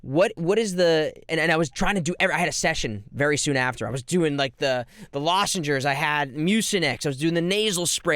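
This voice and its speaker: A man's voice: fairly high pitch, fast, hardly any pauses, fairly bright tone, dry recording, clean studio sound. A man hosting a podcast, telling a story and asking a rambling question. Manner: rambling, lots of restarts and self-corrections. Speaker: podcast host. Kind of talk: podcast interview.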